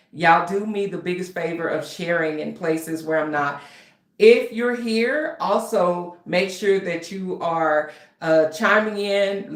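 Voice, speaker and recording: Here a woman with a fairly low voice addresses viewers from a reverberant room. She's an author and writing coach hosting her channel's livestream, keeping the talk casual though a touch nervous.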